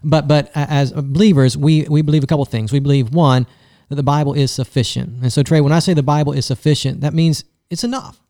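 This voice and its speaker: A man with a fairly high voice co-hosts a talk. He makes his teaching points in a measured, emphatic way and repeats his key lines. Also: steady tone, dark tone. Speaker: co-host. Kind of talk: teaching in conversation.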